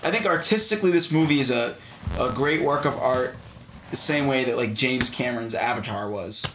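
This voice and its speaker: A man, chatting casually about a film with friends. He speaks at a middle pitch and in an animated way, and the recording has a roomy echo. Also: normal speed, background noise. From Massachusetts. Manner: animated, does mocking impressions. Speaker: podcast co-host. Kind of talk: casual movie discussion. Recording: echoey room.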